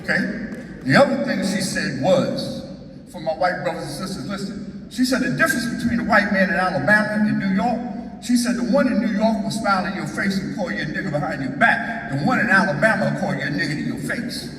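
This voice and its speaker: A man's voice: sits high, lively intonation, fairly quick, bright, forceful tone. A man giving an emphatic, folksy storytelling speech to an audience. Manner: folksy, emphatic, asks "Okay?". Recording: echoey hall, speaker far from mic, faint noise.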